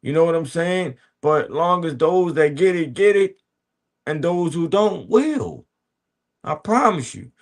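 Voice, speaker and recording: A man's voice: fairly high pitch, expressive, a little slow. A man hosting a podcast, giving a blunt, profane motivational talk full of street slang and repeated asides to his listeners. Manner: blunt and profane, preachy street talk with many "you hear me". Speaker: podcast host. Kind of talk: casual motivational monologue.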